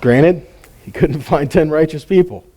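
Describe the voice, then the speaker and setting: Mellow-voiced man teaching a sermon. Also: a little high, unhurried. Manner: conversational, rhetorical questions, chuckling asides. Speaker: Bible teacher.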